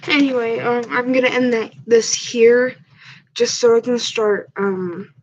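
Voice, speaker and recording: A woman's voice: on the high side, measured pace, a little hiss or hum. A woman vlogger chatting casually to camera, rambling with ums and restarts, stuffed up from a cat allergy. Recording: dull lo-fi recording.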